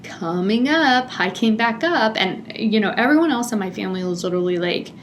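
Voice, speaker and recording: This is a middle-aged woman hosting her own podcast and recounting a family trip. She talks in a chatty, animated way and laughs often, in a mid-range voice. A faint background noise sits under the recording. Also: mid-range voice, fairly quick. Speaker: podcast host. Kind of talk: personal storytelling monologue.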